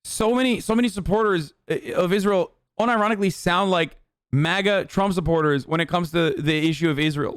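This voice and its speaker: A man's voice: high voice, brisk, smooth, no echo, studio quality. A man hosting a livestream, giving heated, sarcastic political commentary with lots of swearing. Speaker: livestream host. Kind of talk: ranting political commentary stream.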